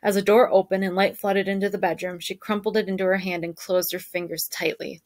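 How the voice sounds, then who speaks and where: Teacher reading a chapter book to her class, clear and explaining, no room echo. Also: medium pitch, level tone, a little fast, darkish tone. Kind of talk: reading a novel aloud to students.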